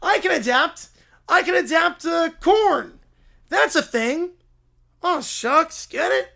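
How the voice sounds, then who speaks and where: A goofy young joker who will not stop yelling corn puns. The voice sits high and strained, with a gravelly rasp, and it rushes up to a shout on every punchline. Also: male voice, lively intonation, full character voice. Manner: shouts the same pun catchphrase again and again. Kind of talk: comedic read-aloud of a viewer prompt.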